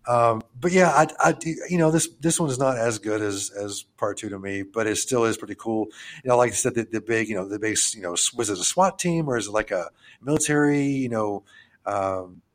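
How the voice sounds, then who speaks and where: A man with a fairly low voice talks through horror movies with his co-host in loose, rambling chat. He trails off, restarts, and drops casual swearing as he goes. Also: brisk. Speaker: podcast co-host.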